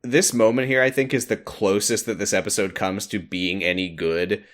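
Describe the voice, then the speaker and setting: A man's voice: on the low side, normal speed. A man co-hosting a podcast, chatting casually and sarcastically as he recaps a TV episode. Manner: sarcastic, animated in quoted bits. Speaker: podcast co-host.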